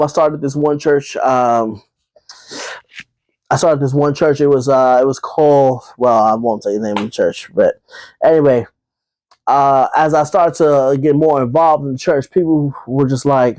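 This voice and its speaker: A man talks through a solo podcast episode in a loose, chatty way, circling back with fillers and repeats and calling his listeners y'all. His voice sits at an ordinary middle pitch. The sound is dry and close, with no room echo. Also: moderate pace, darkish tone. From Brooklyn, New York. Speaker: podcast host. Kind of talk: casual solo podcast monologue.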